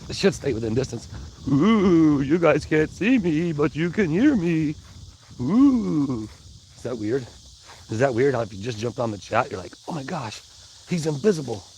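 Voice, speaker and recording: A man's voice: on the high side, expressive, a little slow, darkish tone, slight background noise, poor audio. A man hosting a casual livestream, rambling in a folksy way and greeting his chat by name. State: out of breath. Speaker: livestream host. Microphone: wireless mic worn on body.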